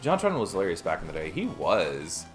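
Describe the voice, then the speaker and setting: Young male streamer, lower voice, rambling and laughing through chat. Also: huge pitch swings, brisk, faint music behind. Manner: rambling anecdotes, frequent laughter. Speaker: game streamer. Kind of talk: casual chat while streaming a game.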